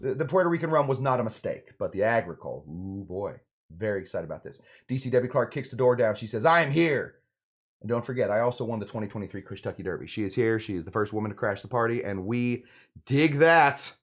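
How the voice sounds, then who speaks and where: A man in his forties, a bartender hosting a casual livestream, chatting with viewers in a lively way and stumbling over a tricky word. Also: on the low side, fast. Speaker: host and bartender. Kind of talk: casual livestream chat reading viewer comments.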